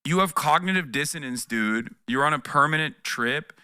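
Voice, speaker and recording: A man's voice: a little high, moderate pace, sharp tone, clean tone, dry recording, studio quality. A man streaming live reaction commentary, talking in a profane, sarcastic and exasperated way. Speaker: political streamer.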